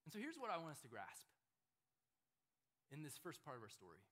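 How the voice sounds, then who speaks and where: Young man, youth sermon, casual, filler words, higher pitch. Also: huge pitch swings, brisk, a bit bright. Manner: casual, says "like" often. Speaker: youth pastor.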